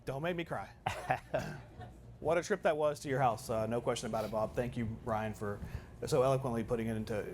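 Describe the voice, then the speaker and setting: A soft-spoken man thanking a colleague and giving slightly halting closing remarks at an event. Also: mid-range voice, noisy background. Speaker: company colleague. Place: event venue.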